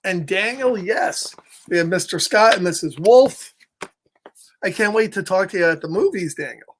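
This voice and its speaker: Reading a picture book aloud at storytime, a man keeps things playful and chatty, chuckling often and greeting his young listeners by name. His voice sits high and is a bit bright, moving at a moderate pace.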